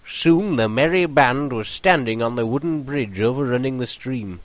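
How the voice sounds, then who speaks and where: A man's voice: mid-range voice, moderate pace, few pauses, poor audio. A British man hosting a comedy show, reading a mock storybook in an earnest bedtime-story manner.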